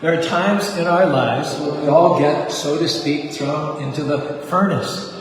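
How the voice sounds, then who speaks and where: A man's voice: on the high side, unhurried. A man in his seventies preaching a sermon, rapping a devotional story and leading call-and-response chants in an earnest, exhorting way. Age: 70s. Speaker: temple preacher. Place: temple hall. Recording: echoey hall from far off, faint noise.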